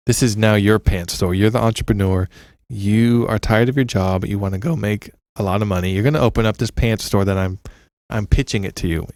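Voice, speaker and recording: A man co-hosting a podcast in casual chat, telling animated stories and leaping into high excited impressions. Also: no echo. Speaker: podcast co-host.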